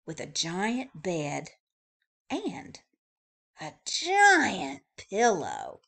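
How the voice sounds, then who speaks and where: A woman librarian reading a picture book aloud to young children, expressive and full of sound effects. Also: fairly low pitch, drawn-out words, vocal fry.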